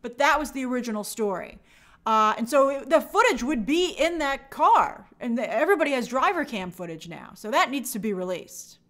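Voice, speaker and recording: A woman hosting a live stream, giving emphatic, animated commentary and reading viewer comments aloud. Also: high voice, brisk.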